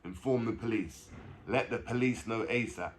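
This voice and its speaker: A man's voice: fairly low pitch, normal speed. Blunt, impassioned man. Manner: impassioned, blunt, swears often. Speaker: vlogger. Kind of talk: reaction video commentary.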